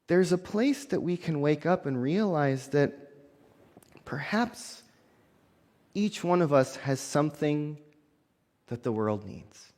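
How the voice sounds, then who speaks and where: A man's voice: a little high, lively intonation, slow, long pauses, darkish tone, long reverb tail. A man preaching a sermon as a minister, earnest and building emphasis through repeated phrases.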